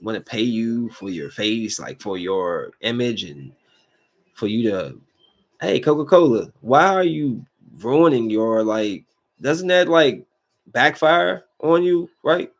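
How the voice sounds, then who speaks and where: A man's voice: mid-range voice, slow, vocal fry. A man hosting his own podcast, ranting casually with many fillers and repeated phrases. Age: adult with kids. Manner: animated, repeats himself, lots of "like" fillers. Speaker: podcast host. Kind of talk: solo casual podcast rant.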